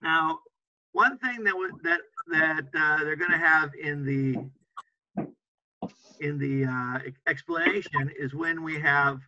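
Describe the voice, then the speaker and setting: Slow, bright-voiced male teacher. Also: a little high, dry recording, muffled recording. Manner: patient, repeats examples, checks with "right?". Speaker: English teacher. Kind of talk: classroom teaching. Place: classroom with students.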